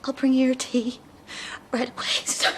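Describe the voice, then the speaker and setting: An actress playing a young waitress who speaks hesitantly and apologetically. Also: female voice, fairly low pitch, level tone, a little slow, background noise, natural voice. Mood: apologetic. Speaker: sitcom character, waitress.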